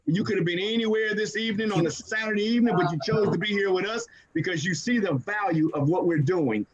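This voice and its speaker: A high-voiced man hosting a live video call at a rapid clip, repeating himself and firing call-and-response lines at the people on the call. The sound is muffled, and a crowd of other callers chatters behind him. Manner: energetic, repetitive, call-and-response hype. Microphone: computer mic on a video call.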